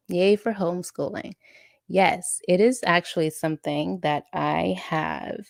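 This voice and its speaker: A woman's voice: on the low side, unhurried, vocal fry, no echo, studio quality. A woman hosting a casual live chat and reading out viewer comments, emotional and laughing often. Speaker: live-stream host and coach.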